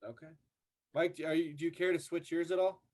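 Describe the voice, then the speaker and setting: A man co-hosting a casual podcast, trading quick, animated banter. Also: on the high side. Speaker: podcast co-host.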